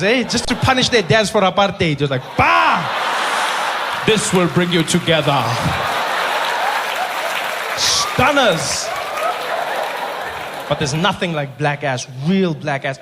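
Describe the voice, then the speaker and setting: A man with a South African accent doing an animated stand-up routine, teasing a member of the crowd by name. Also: high-pitched, normal speed, heavy background noise. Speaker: stand-up comedian.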